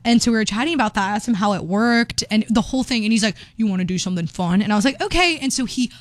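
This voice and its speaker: A woman's voice: medium pitch, racing, no echo. A young woman telling a travel story in casual chat, chatty and laughing, acting out quotes. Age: young adult. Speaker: vlogger.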